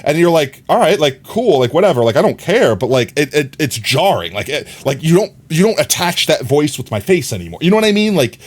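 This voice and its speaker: A man's voice: fairly high pitch, very animated, fairly quick, few pauses. A man streaming a game, chatting casually and telling a long rambling story with many fillers. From New York. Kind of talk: casual chat while gaming.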